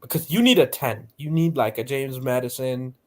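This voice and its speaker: A man's voice: mid-range voice, normal speed. A man in heated casual football chat on a stream, blunt and swearing as he argues his point. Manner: blunt, swearing, animated arguing. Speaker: panelist.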